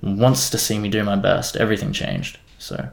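Young man, earnest testimony chat, low pitch, gravelly. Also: huge pitch swings, normal speed. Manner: earnest, rambling, heavy use of "like" and "you know". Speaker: guest sharing faith testimony. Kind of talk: casual faith testimony chat.

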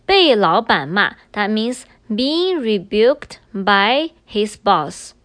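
Lively patient woman teaching grammar. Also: medium pitch, takes it slowly, dry recording. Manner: patient, switches between English and Chinese. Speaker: language teacher. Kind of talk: explaining grammar in a recorded lesson.

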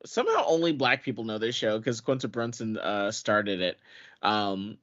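A man's voice: fairly low pitch, expressive, normal speed, fairly bright tone. A man hosting a podcast in casual chat, blunt and full of hesitant fillers. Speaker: podcast host. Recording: dull lo-fi podcast audio.

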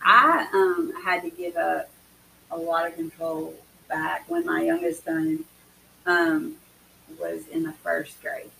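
A woman co-host with a bright, gravelly voice tells her stories with emphatic energy. She sounds a little distant from the mic, with a faint hiss underneath. The chat is casual and lively. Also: fairly low pitch, takes it slowly. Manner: emphatic, animated storytelling. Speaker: podcast co-host.

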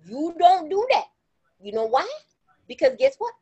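A woman's voice: extremely high pitch, normal speed. A woman co-hosting a podcast in casual chat, blunt and emphatic, laughing often. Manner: animated storytelling, acts out quotes in exaggerated voices. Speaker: podcast co-host.

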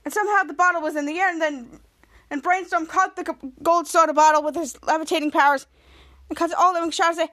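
A woman hosts a podcast and recaps an episode in casual talk. She rambles and restarts her sentences often. Her voice sits very high. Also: fairly even intonation, quick pace, a bit bright. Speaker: podcast host.

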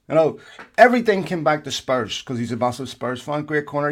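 A man's voice: fairly high pitch, expressive, moderate pace, background noise. A man co-hosting a podcast, ranting in heated casual chat and swearing often. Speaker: podcast co-host.

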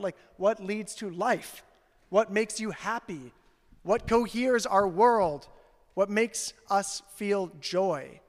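A male pastor preaching a sermon in a casual, conversational way, full of "like", who builds to loud fervor. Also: sits high. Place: church sanctuary. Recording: long reverb of a church hall.

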